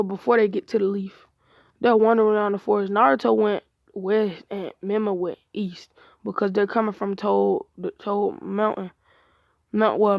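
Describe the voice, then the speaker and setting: A woman's voice: mid-range voice, vocal fry, no echo, muffled recording. Rambling woman telling a fan story. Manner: rambling, frequent restarts and casual slang. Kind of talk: casual improvised fan-fiction storytelling.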